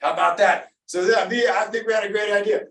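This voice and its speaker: A man's voice: high voice, steady tone, fast talker, a bit bright, echoey room, far from the mic, low-quality recording. A man leading a live online workout class as coach, upbeat and encouraging, calling out names and counting down reps. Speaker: fitness coach.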